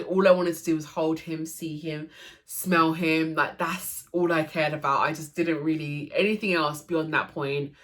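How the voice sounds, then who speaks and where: A woman's voice: low-pitched, a bit bright. A young woman tells her birth story to camera in an emotional, chatty way, full of fillers and restarts. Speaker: vlogger.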